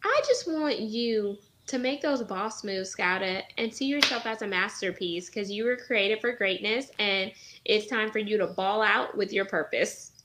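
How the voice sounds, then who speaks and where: A woman's voice: mid-range voice, unhurried, a bit bright, a little hiss or hum. A woman guest in a casual chat, speaking in an encouraging, motivational way.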